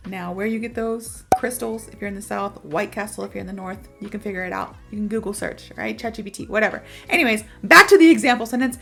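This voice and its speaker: A woman's voice: mid-range voice, fast, vocal fry, hardly any pauses, fairly bright tone, faint music behind. A young American woman teaching English phrases in a chatty, playful way, repeating her example sentences for the viewer. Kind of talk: online English lesson.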